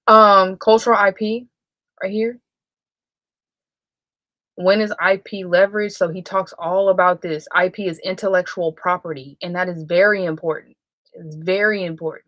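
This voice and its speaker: A woman's voice: fairly low pitch, steady tone, moderate pace, no room sound, lo-fi sound. A woman hosting a live stream, talking casually and rambling, often correcting herself mid-sentence. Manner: rambling, self-correcting, chatty. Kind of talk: casual livestream talk.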